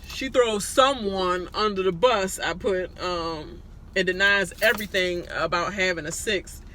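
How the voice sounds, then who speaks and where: Blunt, bright-voiced woman ranting. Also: lowish voice, measured pace, a little hiss or hum. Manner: blunt, profane, animated ranting. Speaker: reality-show recap vlogger. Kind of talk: casual recap commentary.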